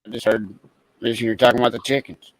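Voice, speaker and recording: A man chatting in a casual group voice call, excitable and quick to joke. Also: mid-range voice, no echo, low-quality recording. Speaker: chat participant.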